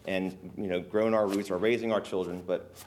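A man, a local resident, giving earnest, emotional testimony at a public hearing, halting often with fillers. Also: deep voice, fairly even intonation, a little mellow, a little hiss or hum.

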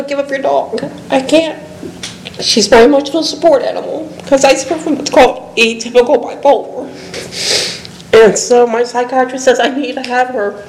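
A woman's voice: fairly high pitch, a little mellow, roomy sound, a little hiss or hum, rough recording. A woman giving an emotional, pleading public comment at a town meeting, her voice catching with nervous laughs.

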